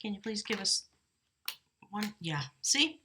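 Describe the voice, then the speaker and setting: Bright, chatty woman reading tarot. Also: medium pitch, expressive, slow, a little hiss or hum. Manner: chatty, laughs often, corrects herself mid-sentence; talks aloud to her spirit guides. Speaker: tarot reader. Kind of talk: casual tarot reading to camera. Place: desk in a small house by an open door.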